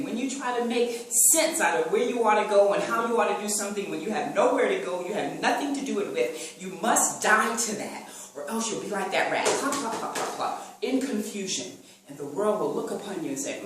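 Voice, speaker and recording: A woman's voice: mid-range voice, expressive, a little fast, hardly any pauses. A woman preaching a sermon with animation, repeating phrases and acting out sounds and quotes. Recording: echoey room from far off with faint noise.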